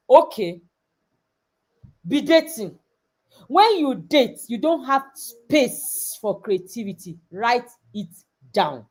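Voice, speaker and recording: Brief: high-pitched Nigerian woman, middle-aged, lively motivational coach who scolds and coaxes her audience. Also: slow pace, pauses often. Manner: animated, acts out dialogues, coaxing and scolding. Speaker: coach speaking at a girls' summit. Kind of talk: motivational talk.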